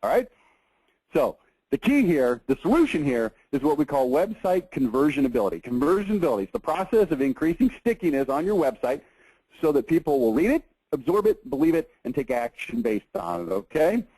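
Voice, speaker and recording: A man giving a lively marketing seminar lecture, emphatic and animated, often checking in with "okay?". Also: a little high, fairly quick, breathy edge, no room sound, low-quality recording.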